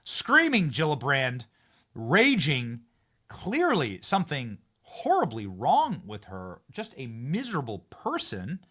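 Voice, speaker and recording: A man hosting a political commentary show, animated and mocking, swinging between shouting and muttering. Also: medium pitch, takes it slowly. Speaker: show host.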